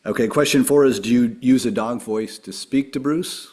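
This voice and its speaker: A man's voice: mid-range voice, moderate pace, darkish tone. A man hosting a casual podcast interview, working through numbered questions with short, easygoing replies. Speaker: podcast host.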